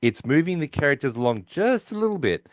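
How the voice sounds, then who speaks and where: A man's voice: on the high side, big pitch swings, fairly quick, dry recording. A man co-hosting a podcast, casually retelling a sitcom episode and acting out the characters' lines. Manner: rambling, acts out characters' lines while retelling. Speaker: podcast co-host. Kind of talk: casual episode recap chat.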